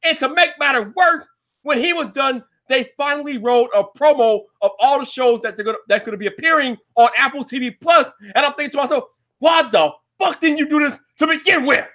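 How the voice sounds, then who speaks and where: A young man hosting a tech talk show, ranting loudly and exasperated, often shouting and swearing. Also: very high-pitched, brisk. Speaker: show host.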